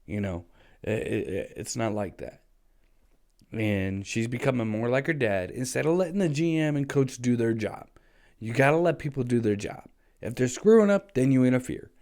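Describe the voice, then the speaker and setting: A man's voice: mid-range voice, animated, moderate pace, darkish tone. A man delivering a passionate, frustrated solo opinion rant as a sports vlogger, hammering his points with repetition.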